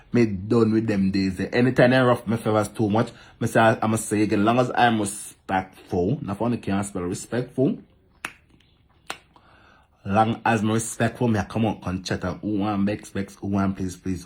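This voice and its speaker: Animated Jamaican man ranting in patois. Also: lowish voice, breathy edge. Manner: animated, repetitive, speaks in patois, talks back to commenters. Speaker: social media vlogger. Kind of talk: casual ranting monologue to camera.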